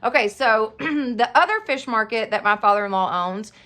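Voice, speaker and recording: A woman's voice: fairly high pitch, animated, normal speed, fairly bright tone. A woman, chatting through a casual Q&A vlog, rambling and often laughing. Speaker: YouTuber of a home decor channel.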